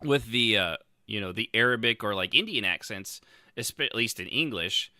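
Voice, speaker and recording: Man, podcast co-host, lowish voice, very bright, rambling casual chat, dry close mic. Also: expressive, moderate pace, no echo. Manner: rambling, many restarts and laughs. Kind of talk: casual chat about roleplay.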